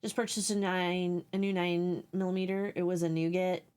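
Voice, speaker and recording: A woman's voice: lowish voice, flat delivery, normal speed, a little mellow, clean tone. A woman live streaming a video game, chatting casually, swearing at enemies and thanking viewers.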